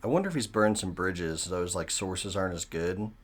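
A man's voice: deep voice, expressive, moderate pace, husky. A man co-hosting a casual sports chat, laid-back and dropping short wry remarks. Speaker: co-host.

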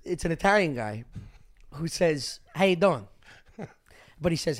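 A man co-hosting a casual comedy podcast, telling crude, animated stories with frequent laughter. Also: fairly high pitch, normal speed, pauses often. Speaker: podcast co-host.

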